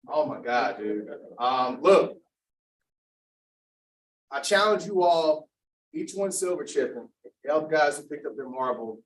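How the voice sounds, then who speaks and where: A man accepting an award, speaking haltingly and with feeling in casual slang. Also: on the high side, lively intonation. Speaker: award recipient giving a speech. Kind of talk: emotional acceptance speech. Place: large hall. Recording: echoey hall, voice from far off.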